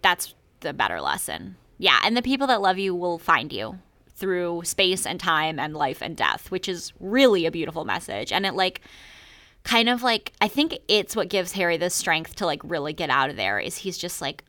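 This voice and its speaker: Lady podcast cohost, bright voice, dry close sound, says like a lot and swears. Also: lowish voice, normal speed, dry recording. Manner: animated, swearing, lots of "like". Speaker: podcast co-host. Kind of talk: casual chat.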